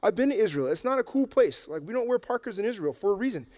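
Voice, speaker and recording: A man telling a Bible story to children in a lively, playful way, acting it out and getting out of breath. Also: high-pitched, quick pace, long reverb tail. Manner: energetic, playful, acts out the story. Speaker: children's preacher. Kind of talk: animated Bible story for kids. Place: church hall with an audience.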